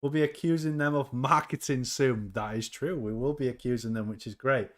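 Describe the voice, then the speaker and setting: A man's voice: medium pitch, fairly quick. A man hosting a casual crypto livestream, chatting upbeat and reading viewers' comments aloud.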